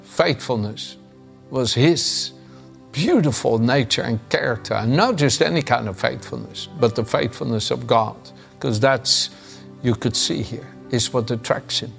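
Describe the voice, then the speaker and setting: A man's voice: medium pitch, a little slow, vocal fry, fairly bright tone, soft background music. A man preaching a devotional sermon, reading scripture and telling stories in an earnest way with frequent chuckles. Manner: earnest storytelling, chuckles often.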